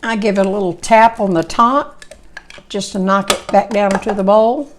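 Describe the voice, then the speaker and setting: A woman hosts a home cooking video, chatting along in a folksy, rambling way. Her voice is hoarse and gravelly, cracking in and out as she talks, at an ordinary middle pitch. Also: steady tone, normal speed, slight background noise. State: hoarse, voice coming and going. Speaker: cooking channel host. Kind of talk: casual cooking demonstration.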